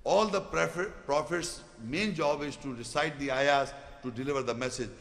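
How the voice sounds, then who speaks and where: A man giving a Quran commentary lecture, reciting Arabic verses quickly and then explaining them in with repeated rhetorical questions. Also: fairly high pitch, vocal fry, fairly bright tone, long reverb tail. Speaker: Islamic preacher.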